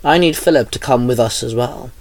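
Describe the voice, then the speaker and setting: A solemn knight speaks in formal, measured sentences, as a man reads his part. His voice sits in a middle pitch. The sound is dry. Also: darkish tone, no room sound, close to an everyday voice. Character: solemn male knight, the Silver Morphing Master.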